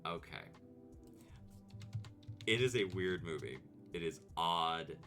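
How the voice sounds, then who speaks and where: A male vtuber rambles through casual video commentary, laughing often. His voice sits low yet swings widely in pitch. The tone is bright and forward, with quiet music underneath. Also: a little slow. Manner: rambling and animated, laughing, jumping into high mock voices. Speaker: vtuber host.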